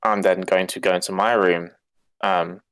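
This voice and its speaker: Male player, low voice, dry close sound; chatty, hesitant, giggles often. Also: steady tone, moderate pace, fairly bright tone, clear, resonant tone, no room sound. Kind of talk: casual tabletop play.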